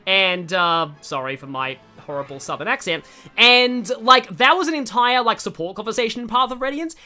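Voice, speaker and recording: Young streamer rambling over gameplay, super bright voice, bouncy up-and-down delivery. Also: mid-range voice, expressive, moderate pace, soft background music. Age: young adult. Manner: rambling, chatty, self-interrupting. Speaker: gaming streamer. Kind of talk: casual gameplay commentary.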